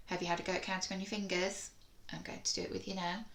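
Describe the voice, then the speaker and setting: A woman teaching a phonics lesson to young children, sounding out each word slowly and clearly and encouraging them. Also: fairly low pitch, animated. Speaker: primary school teacher. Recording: echoey room.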